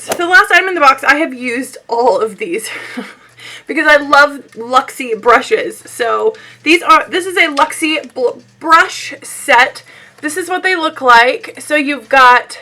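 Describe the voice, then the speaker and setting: Hoarse bright-voiced young woman vlogger. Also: high voice. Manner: chatty and giggly, rambling asides. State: hoarse, losing her voice. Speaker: beauty vlogger. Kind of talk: casual unboxing chat.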